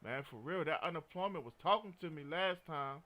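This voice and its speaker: A man's voice: a little high, expressive, brisk, pushed and bright. A man streaming a video game, chatting casually, joking and telling stories. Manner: joking, storytelling, frequent laughter. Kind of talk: casual gaming commentary.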